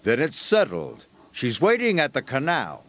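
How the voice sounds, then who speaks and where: A man voicing a brisk, businesslike middle-aged railway boss who speaks formally and matter-of-factly. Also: fairly high pitch, huge pitch swings.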